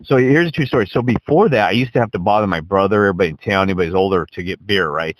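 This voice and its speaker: A man telling his own story in casual chat, chatty and jumping in with quick laughs. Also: sits low, no echo, rough recording. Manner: chatty, jumps in, quick back-channel laughs.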